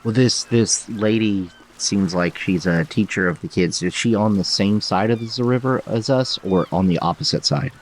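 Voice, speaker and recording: A man's voice: on the low side, normal speed, hardly any pauses, slight background noise, poor audio. A man playing in a tabletop game, chatting in a laid-back, questioning way. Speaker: player. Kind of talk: casual chat in a tabletop game.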